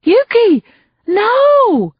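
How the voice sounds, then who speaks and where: Lady narrator doing a pushy woman reporter, squeaky and loud, dry muffled sound. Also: big pitch swings, very slow, no echo, exaggerated voice. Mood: alarmed. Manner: high, loud, hounding.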